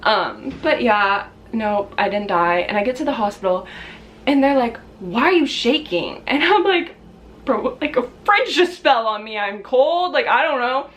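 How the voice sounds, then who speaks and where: A young woman vlogger telling a casual storytime, chatty with lots of fillers, acting out quotes in shrill high voices. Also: animated, a little slow, a bit bright.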